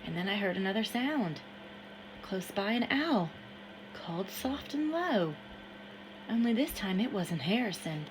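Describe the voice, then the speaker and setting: A woman narrating a novel in first person, steady and measured. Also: medium pitch, slight background noise, low-quality recording. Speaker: audiobook reader.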